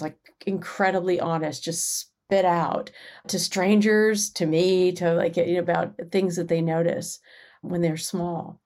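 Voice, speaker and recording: A middle-aged woman, a music scholar, giving a measured, explanatory talk from a prepared script. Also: on the low side, a little mellow. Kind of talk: scripted lecture podcast.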